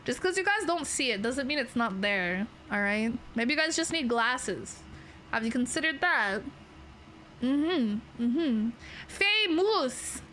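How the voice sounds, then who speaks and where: A woman's voice: sits high, expressive, slow, sharp tone, a little hiss or hum. A young adult Canadian woman with a Canadian accent, chatting casually on a livestream from a bedroom setup, rambling playfully and laughing often. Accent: Canadian English. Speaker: VTuber streamer. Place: home streaming setup in a bedroom.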